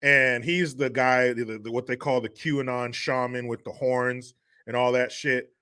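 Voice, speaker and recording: A man's voice: medium pitch, flat delivery, measured pace, bright, forceful tone, smooth. A man hosting a podcast, ranting in a crude, mocking, profane way and laughing scornfully. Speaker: podcast host. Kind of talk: solo commentary rant.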